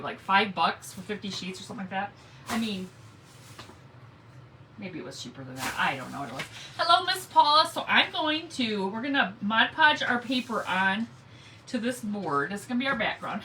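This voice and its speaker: Chatty bright-voiced woman hosting a live craft stream. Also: a little high, sing-song, normal speed, far from the mic, a little hiss or hum, rough recording. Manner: chatty, friendly, greets viewers by name. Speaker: craft livestream host.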